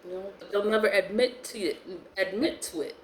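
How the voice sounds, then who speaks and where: A woman telling a story in a casual, profane rant, laughing often and swinging her voice up high for emphasis. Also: moderate pace, slight background noise. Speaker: vlogger who sells spiritual goods online.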